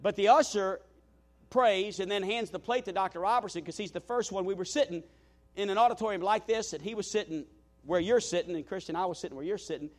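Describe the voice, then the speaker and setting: A male pastor tells a story during his sermon, animated and self-deprecating, often restarting and saying "you know." His voice is high and his pace quick.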